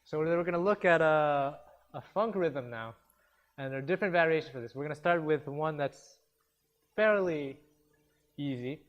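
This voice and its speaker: A man teaching a guitar workshop, counting beats and humming rhythms aloud to his students in a relaxed, encouraging way. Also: fairly high pitch, moderate pace, pauses often, lo-fi sound. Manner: relaxed, encouraging, self-deprecating. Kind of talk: instructional workshop talk. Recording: guitar music in the background. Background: guitar playing.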